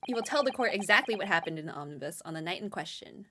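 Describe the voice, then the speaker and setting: A woman's voice: on the low side, lively intonation, fast, background noise, lightly acted. A woman voicing a stern elderly male judge, speaking formally and with command.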